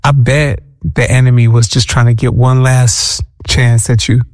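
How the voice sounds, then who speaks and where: A man's voice: medium pitch, fairly even intonation, unhurried, dry recording, clean studio sound. A man hosting an interview, answering his guest with short affirmations. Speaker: host.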